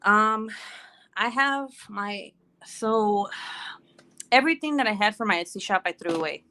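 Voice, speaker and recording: A woman's voice: medium pitch, lively intonation, unhurried, sharp tone. A woman chatting casually on a home livestream, rambling and laughing often. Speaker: livestream host.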